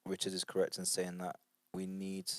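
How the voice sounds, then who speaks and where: An earnest man with a lowish voice leads a church study group. He talks in a loose, conversational way, repeating himself and using fillers. The sound is dry and close. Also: completely flat delivery, moderate pace, no echo. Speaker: church leader guiding a book study group. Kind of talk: informal devotional talk to an online group.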